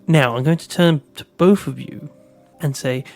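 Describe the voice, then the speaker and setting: A man's voice: a little high, moderate pace, creaky, a little mellow. A man playing a tabletop role-playing game, with dry, matter-of-fact banter. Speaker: player. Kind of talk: tabletop role-play chat.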